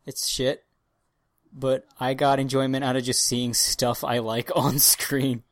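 A man's voice: mid-range voice, measured pace, no echo. A man chatting casually as a podcast co-host, swearing freely and swinging into over-the-top mock drama. His voice sits in a middle range and sounds dry and close to the mic. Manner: profane, excitable, mock-dramatic outbursts. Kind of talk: casual chat.

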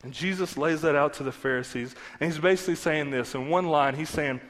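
A man's voice: on the high side, fairly quick, fairly bright tone. A man preaching a sermon as pastor, in an earnest, conversational way with emphatic repetition. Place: church sanctuary. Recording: long hall reverb with faint music.

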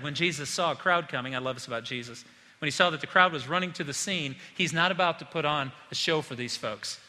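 Male pastor, impassioned sermon, slightly high voice. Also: a little fast, sharp tone. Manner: impassioned, acts out quoted voices. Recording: long hall reverb.

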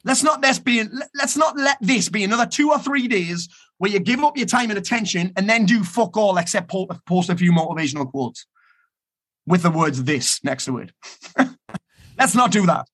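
A man's voice: high-pitched, animated, normal speed, fairly bright tone. A man giving a blunt, profane motivational talk to an online summit. He repeats key phrases for emphasis. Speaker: motivational speaker.

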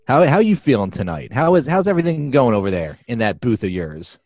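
A man hosts a comedy podcast in the style of a sports talk radio show. His delivery is hammy and theatrical, and his pitch bounces around a lot. The recording is dry and close. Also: very animated, brisk, darkish tone, no echo.

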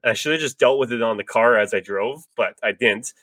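Bright, dry-sounding man. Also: mid-range voice, brisk, dry recording. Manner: rambling, swears freely, laughs often. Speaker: podcast host. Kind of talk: casual chat.

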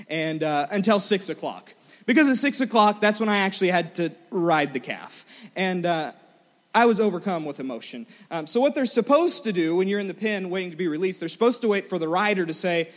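Young male preacher, animated and self-mocking storyteller, fairly high voice, echoing hall. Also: brisk. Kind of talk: storytelling sermon. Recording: large hall with long reverb.

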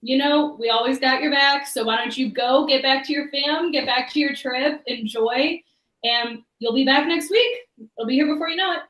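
Woman host, bubbly and giggly, higher voice, set back from the mic in a roomy space. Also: normal speed, a bit bright, far from the mic. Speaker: stand-in host of a travel agent show. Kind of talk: upbeat webcast hosting. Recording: echoey room, a bit off mic.

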